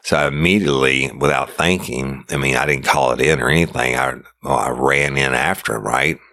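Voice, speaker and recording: A middle-aged man with an extremely low voice that is full of gravelly fry. He tells true-crime stories casually and vividly, and his tone cuts through despite the depth. The recording is close and completely dry. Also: brisk, bright, forceful tone, dry recording. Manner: casual, vivid storytelling, acts out radio calls. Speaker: podcast host and former sheriff's deputy.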